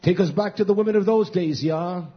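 A man preaching a fiery, scolding sermon, swinging between shouted lines and hushed ones. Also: high voice, a little fast. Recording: dull lo-fi recording.

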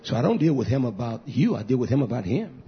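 A man preaching a sermon to his congregation, repeating phrases and building to loud, high emphatic peaks. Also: sing-song, fast talker, gravelly. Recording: dull lo-fi recording.

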